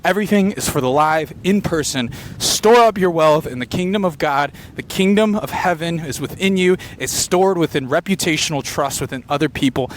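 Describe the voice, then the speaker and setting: A man doing an unfiltered stream-of-consciousness comedy monologue, rambling and fast-talking with quick tangents. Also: a little high, a little hiss or hum. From Filipino heritage. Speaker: comedian podcaster. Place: beach location outdoors.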